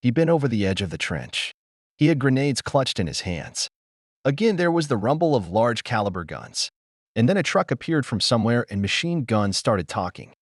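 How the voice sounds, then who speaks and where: A male narrator tells a first-person wartime story in a grave, measured way. His voice rises and falls with lively intonation. The recording is dry and close, with no room sound. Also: mid-range voice, no room sound. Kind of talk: scripted first-person war memoir narration.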